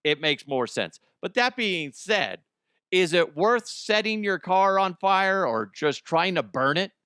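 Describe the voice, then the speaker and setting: A man's voice: sits high, big pitch swings, a little slow, bright, forceful tone, clean tone, no echo, clean studio sound. A man from the United States hosting a comedy news show, rambling and swearing casually and laughing at his own jokes.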